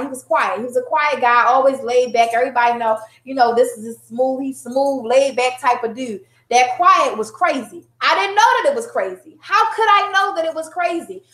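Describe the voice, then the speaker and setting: A woman in her thirties recounts a personal story before a live audience in an echoey room. Her voice sits high, and her telling is animated and chatty, with laughter spilling in. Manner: animated, conversational, breaks into laughter. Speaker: guest sharing a personal story.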